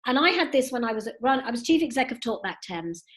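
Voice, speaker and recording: A woman in her fifties, a guest telling lively stories with many "you know"s over a video call from home. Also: on the high side, fast talker. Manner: animated storytelling with frequent "you know". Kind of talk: recorded video call interview. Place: at home indoors.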